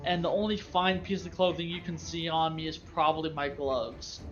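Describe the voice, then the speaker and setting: A man talks casually as a player in a tabletop game, matter-of-fact and relaxed. His voice sits slightly high. The voice chat is muffled, with faint music behind it. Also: moderate pace.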